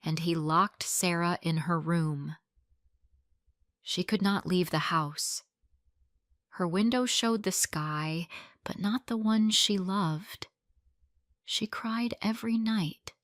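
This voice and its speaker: A woman's voice: on the low side, fairly bright tone, no room sound, clean studio sound. A woman reading a simple love story aloud as narrator for English learners. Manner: slow, clear, simple storytelling.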